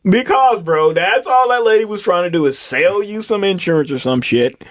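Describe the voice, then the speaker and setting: A young man co-hosting a casual comedy podcast, teasing his partner and chiming in with quick agreement. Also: high-pitched, expressive, no echo. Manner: teasing, quick back-channel "right, right". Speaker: podcast co-host.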